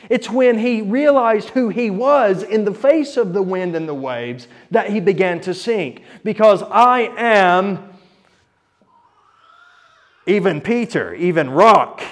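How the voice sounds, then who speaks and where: A man preaching a sermon, earnest, reading scripture aloud dramatically and swinging between loud emphasis and quiet low points.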